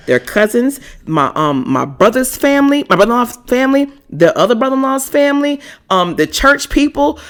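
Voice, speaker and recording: Gravelly, animated woman podcast host. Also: a little high. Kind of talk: casual chat.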